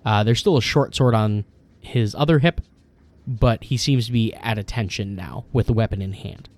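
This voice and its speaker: A man with a fairly low-pitched, darkish voice narrates a tabletop game as game master. He describes scenes with many pauses and fillers.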